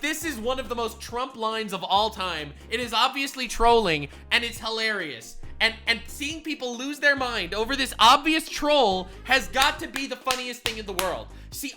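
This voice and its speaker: A bright, forceful male streamer reacting to clips with comedic commentary. He swears freely and bursts between loud excitement and low mutters. Faint music plays behind him.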